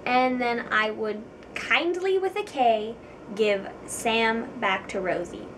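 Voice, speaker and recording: A young woman chats casually to camera in a giggly, self-deprecating way, dropping plenty of ums. Her voice sits a little higher than average. She is some distance from the mic, and faint background noise hangs under the recording. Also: expressive, takes it slowly, a bit bright. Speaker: vlogger.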